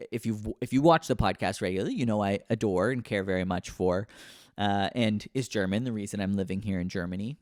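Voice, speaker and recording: This comedy podcast host is an American man in his thirties, with a fairly low, darkish voice. He rambles and puts himself down, with plenty of fillers and restarts. The sound is clean studio audio with no echo.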